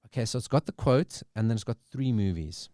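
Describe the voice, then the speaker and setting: A man co-hosting a casual podcast chat, reading movie quiz questions with lively delivery. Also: medium pitch, fairly quick, no room sound, studio quality. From South Africa. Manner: animated, reads movie quotes aloud. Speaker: podcast co-host.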